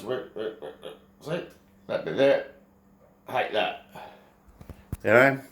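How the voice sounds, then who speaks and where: A man's voice: lowish voice, animated, slow, gravelly, long pauses, fairly bright tone. A man vlogging at home, rambling and crude, swearing freely between fillers. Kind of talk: casual rambling vlog monologue. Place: home, while making breakfast.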